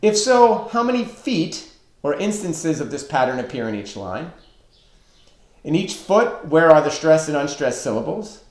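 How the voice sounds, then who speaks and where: A man teaching a recorded online lesson on poetic meter, slow and deliberate as he counts out stresses and feet. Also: a little high, big pitch swings, a little mellow. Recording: echoey room.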